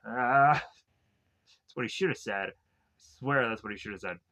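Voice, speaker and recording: A man's voice: medium pitch, measured pace, sharp tone. A young man casually recapping a film scene by scene, rambling and joking, laughing at his own gags and slipping into silly voices for the characters. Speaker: movie reviewer. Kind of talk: casual comedic recap with goofy quoted asides.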